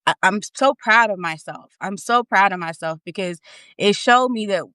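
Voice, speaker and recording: A woman hosting a live video, telling a personal story in a candid, emphatic way, repeating and restarting when the feeling runs high. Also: normal speed, sharp tone, clear, resonant tone, dry recording. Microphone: phone or webcam, live stream.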